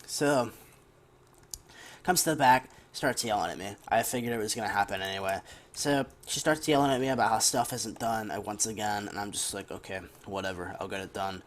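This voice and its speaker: A man's voice: on the low side, normal speed. Young man venting a rambling story. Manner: rambling, venting, casual cursing. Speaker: gaming commentator. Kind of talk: casual storytime over gameplay.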